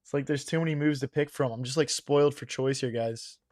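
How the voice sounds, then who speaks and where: A man's voice: mid-range voice, fairly even intonation, brisk, a little mellow, no echo. Young male chess streamer, casual thinking-aloud commentary, slightly strained voice, dry close sound. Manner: thinks aloud, chatty, addresses chat as guys. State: losing his voice.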